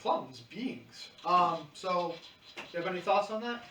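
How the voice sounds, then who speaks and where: Bright-voiced man on a rambling podcast. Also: high voice, expressive, a little slow, slight background noise. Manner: rambling, hedging, goes on tangents. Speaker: podcast co-host. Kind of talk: casual discussion chat. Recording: echoey room, distant mic.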